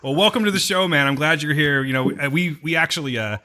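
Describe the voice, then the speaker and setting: A man's voice: fairly high pitch, a little fast. A man hosting a casual podcast, joking and swearing as he chats with his guests. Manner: joking, profane, animated. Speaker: podcast host.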